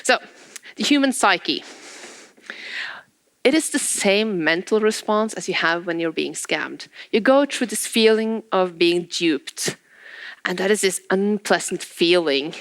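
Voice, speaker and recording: Lively woman from Norway giving a talk. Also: medium pitch, measured pace, no room sound. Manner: animated storytelling, acting out quotes, frequent laughter. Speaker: speaker on penetration testing. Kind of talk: conference talk.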